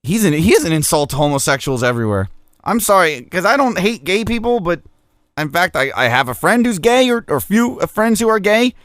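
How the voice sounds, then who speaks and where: A man hosts a loose radio show and mocks his listeners with crude, profane jabs. His voice sits a little high and the sound is dry and close. An allergy attack has him sniffling and sneezing between messages. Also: sing-song, brisk, a bit bright, no room sound. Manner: crude, mocking, profane banter. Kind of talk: casual internet radio talk reading listener messages.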